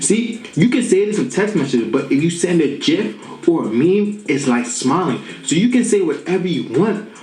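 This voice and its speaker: A man giving dating advice to the camera in a playful, animated way, tagging "okay?" and "right?" onto his points. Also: on the high side, normal speed, reverberant, rough recording. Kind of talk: instructional talk to camera.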